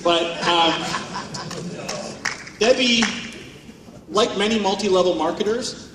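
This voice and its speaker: A man's voice: high voice, slow pace, distant mic, noisy background. A man giving a comedic, profane keynote talk on stage at a conference, mocking and sarcastic. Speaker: conference speaker. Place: large hall on stage. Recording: echoey hall, speaker off-mic.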